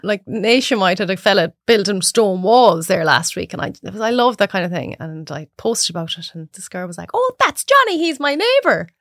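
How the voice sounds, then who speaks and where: An Irish woman chatting as a podcast guest, telling lively stories and acting out her own reactions. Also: on the low side, brisk, few pauses, no echo, clean studio sound. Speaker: guest cook. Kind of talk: casual chat.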